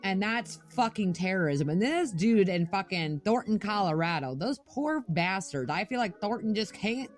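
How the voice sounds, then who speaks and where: A young adult woman co-hosting a podcast, ranting angrily with lots of swearing in casual chat. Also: medium pitch. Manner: angry, profane ranting. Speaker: podcast co-host.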